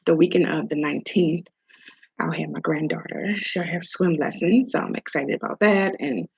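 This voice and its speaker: Gravelly low-voiced woman chatting. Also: fairly even intonation, normal speed. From Maryland, USA. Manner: chatty storyteller acting out dialogue. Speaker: host. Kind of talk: casual chat. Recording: dull lo-fi sound.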